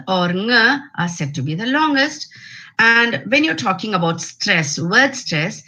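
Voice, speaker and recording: A woman with an Indian English accent giving an academic lecture on phonetics over a video call, deliberate and full of fillers and restarts. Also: mid-range voice, bright, forceful tone, rough recording.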